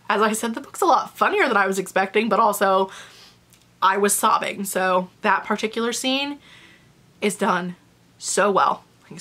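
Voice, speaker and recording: A woman's voice: mid-range voice, a bit bright. Young woman, casual book vlogger, candid and chatty, swears freely, mid-range voice. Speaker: book reviewer. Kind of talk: casual book review vlog.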